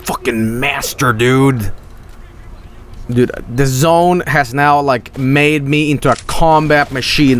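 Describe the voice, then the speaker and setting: A man streaming a video game, chatting casually to viewers in a joking, excitable way and swearing freely. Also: mid-range voice, takes it slowly, background noise. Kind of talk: casual gameplay commentary.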